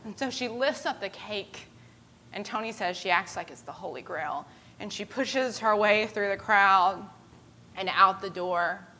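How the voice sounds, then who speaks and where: A woman gives a sermon, retelling a story in a bright, clear voice. She acts out the quoted lines as she goes. Her pitch sits in the middle range. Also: a little slow, low-quality recording. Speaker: preacher.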